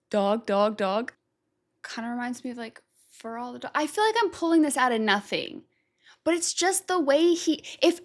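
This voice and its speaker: Uncertain woman thinking aloud. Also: high voice. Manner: thinking aloud, unsure, trailing off into self-doubt; reads lyrics aloud slowly. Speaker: music reaction host. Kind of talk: casual reaction commentary.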